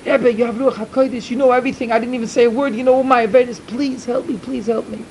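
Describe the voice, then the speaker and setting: A man's voice: high-pitched, fairly even intonation, moderate pace, dark tone, a little hiss or hum. A man voicing a guilty man in a told tale, urgently begging for help. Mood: pleading. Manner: pleading, urgent.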